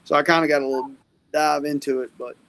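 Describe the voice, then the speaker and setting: A man's voice: on the high side, steady tone, quick pace, vocal fry, fairly bright tone. A man from Tennessee, a musician guest, chatting and joking in an easygoing way. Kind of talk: casual chat as a guest.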